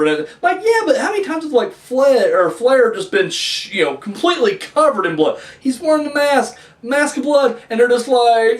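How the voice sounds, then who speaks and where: A young man talks through an old wrestling match in a casual, profane rant. His voice sits high and jumps around a lot. He is set back from the microphone in a roomy, echoing space. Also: a little fast, recorded from a distance. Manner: ranting, profane, animated. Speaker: wrestling review host. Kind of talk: casual review commentary.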